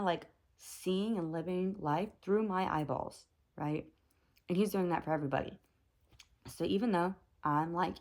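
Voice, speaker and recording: A young woman with a low voice talks to her camera in a loose, unscripted monologue. She thinks out loud, backtracks often and fills pauses with "like" as her thoughts wander. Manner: thinking aloud, many fillers and self-corrections. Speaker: vlogger.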